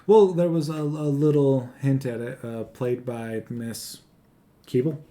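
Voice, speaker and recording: A young man with a mellow, warm-toned voice chats casually as a podcast co-host. He retells a movie's plot in a joking, loose way, at a middle pitch. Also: fairly even intonation, a little slow. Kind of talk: casual movie review chat.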